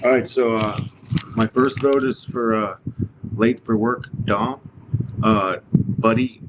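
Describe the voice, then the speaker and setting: A man's voice: lowish voice, steady tone, slow. A man contestant casting his votes in a reality game, brash and confrontational. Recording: dull audio with background noise.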